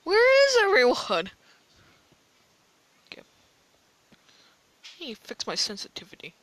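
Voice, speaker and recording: Excitable high-voiced woman gamer. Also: unhurried, rough recording. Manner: excitable, yelling taunts, giggly. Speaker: gamer recording gameplay. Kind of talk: casual gameplay commentary.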